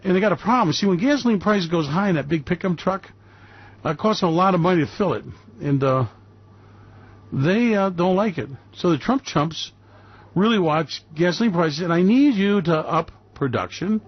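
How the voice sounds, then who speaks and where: A man's voice: high voice, animated, moderate pace. Brash, sarcastic male radio host. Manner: loud, sarcastic, mocking put-on voices. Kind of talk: brash market commentary monologue. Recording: dry, slightly dull lo-fi recording.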